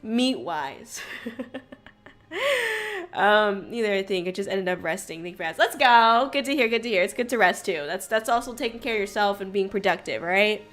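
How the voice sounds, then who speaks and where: A young woman hosting a casual livestream, bubbly and chaotic, greeting her chat loudly and laughing often. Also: medium pitch, animated, normal speed, faint music behind. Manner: frequent laughter. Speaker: streamer host.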